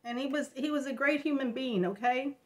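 A woman in her fifties talking through tears in a personal home vlog, halting and restarting often. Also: high voice. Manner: halting, tearful, many restarts. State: crying. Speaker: vlogger.

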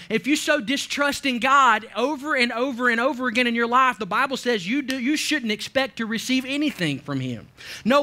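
A man delivers a church sermon in a high, bright, forceful voice. He preaches with emphasis, repeats key phrases and often restarts his sentences as he presses each point home. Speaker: pastor.

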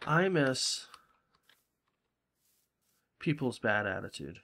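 A man's voice: medium pitch, very animated, very slow, gravelly, pushed and bright. A man from Salem, chatting casually and swearing freely while commenting on his game. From Salem, Massachusetts. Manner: rambling, profane, chatty. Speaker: gaming channel host.

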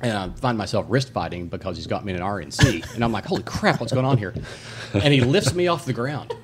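A man telling a story as a podcast guest, animated and swearing, acting out the voices in it. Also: fairly low pitch, fast. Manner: animated, swearing, acts out voices in his stories. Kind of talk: casual storytelling.

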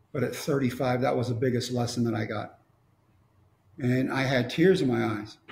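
A middle-aged Texan man with a medium-pitched, darkish voice and some vocal fry tells a personal story wryly, quoting dialogue along the way. He's a motivational speaker giving a storytelling talk, recorded in an echoey room.

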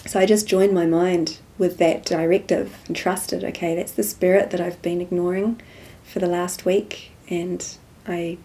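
A woman speaks as an interview guest, telling a personal story in a low, fairly even voice. Her tone is mellow and soft-spoken. She recounts events as a spiritual testimony. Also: a little slow, hardly any pauses. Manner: soft-spoken storytelling, acts out quoted dialogue.

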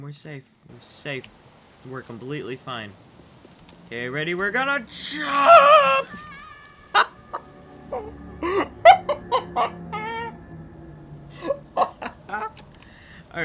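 A man giving casual gameplay commentary, excitable and chattering to his character, over noticeable background noise. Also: mid-range voice. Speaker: gaming channel host.

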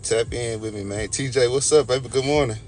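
Speaking fairly quickly in a medium-pitched, slightly mellow voice, a young man with a Texas accent greets his livestream viewers by name. He's just woken up, is sipping coffee, and keeps things relaxed, with a faint hiss or hum in the recording.

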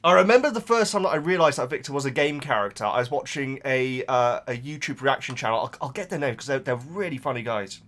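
A man's voice: medium pitch, fast talker, few pauses, a bit bright. A man hosting a reaction channel, talking in a casual, emotional and rambling way with lots of restarts.

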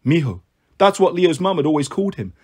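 A man narrating a novel aloud in a steady storytelling manner. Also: high-pitched, quick pace, breathy edge. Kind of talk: audiobook narration.

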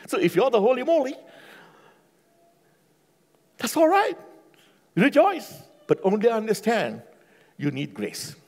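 A man preaching a sermon with passion, swinging from hushed, low pleading to loud, high exclamations. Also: wildly swooping pitch, measured pace, pauses often. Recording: long hall reverb.

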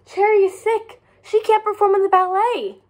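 A woman's voice: high-pitched, expressive, a little fast, mellow, voice pushed up. A woman reading aloud and voicing storybook characters calling with urgent news, raising her voice.

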